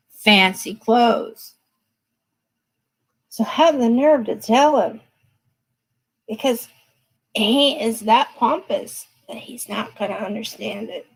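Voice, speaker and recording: A woman's voice: medium pitch, husky, low-quality recording. A woman giving live tarot readings in a chatty, emphatic way, laughing often. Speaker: tarot reader.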